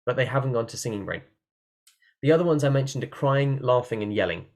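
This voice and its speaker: A man at his computer, talking through a singing lesson in a relaxed, playful way. He jumps between plain explanation and short bursts of sung or shouted examples. His voice sits at an everyday middle pitch. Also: fast. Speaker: singing teacher. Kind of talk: online workshop talk. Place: room at a computer by a window.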